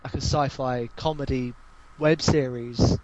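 A man's voice: medium pitch, normal speed, muffled recording, noisy background. A man with a southern English accent, a podcast guest telling jokey, sweary stories in casual chat. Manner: sweary, jokey, animated storyteller.

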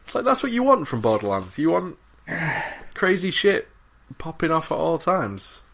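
A man's voice: fairly high pitch, very animated, unhurried, creaky, a bit bright. A man co-hosting a gaming podcast in a casual, rambling, enthusiastic chat with plenty of fillers and swearing. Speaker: podcast co-host.

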